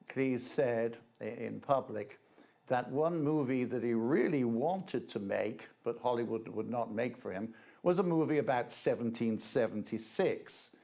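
A man of middle pitch talks through a slide-show lecture in a loose, conversational way. He pauses often on fillers as he goes from slide to slide, like a guest presenter at a talk. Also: darkish tone. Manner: chatty, hesitant, with frequent 'uh' fillers.

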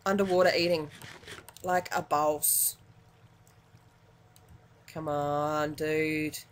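An Australian woman commenting on her gameplay in a casual, excitable way, muttering to herself between sudden yelps. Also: low voice, extremely slow. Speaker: gaming channel host.

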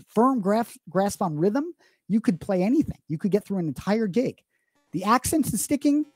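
A man's voice: high-pitched, mellow, no echo. A man explaining drumming as a teacher in a live online Q&A lesson, talking emphatically with frequent restarts. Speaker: drum teacher.

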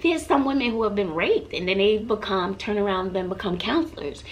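A woman's voice: medium pitch, expressive, fairly quick, a little hiss or hum. Earnest middle-aged woman vlogger. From Texas, US. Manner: earnest, emotional, chatty, addresses viewers directly. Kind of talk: heartfelt motivational storytelling.

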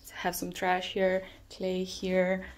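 A woman's voice: lowish voice, monotone, unhurried, vocal fry, a little hiss or hum. A young woman streamer, a Slovenian native speaker, chatting casually to her viewers in a vlog, tired, with a sore throat. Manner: chatty and giggly, talks to her chat and camera. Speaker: streamer and vlogger.

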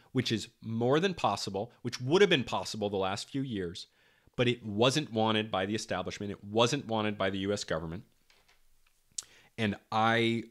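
A man's voice: lowish voice, a bit bright. A young man hosting a podcast, delivering a heated political monologue, swearing often and repeating himself for emphasis. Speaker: podcast host.

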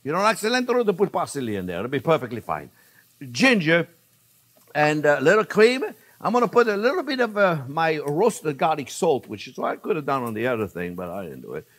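Chatty French-accented older chef. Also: male voice, fairly high pitch, big pitch swings, fairly quick, a bit bright. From France. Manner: chatty, repeatedly calls viewers friends, laughs at himself. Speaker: cooking show host. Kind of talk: casual cooking demonstration.

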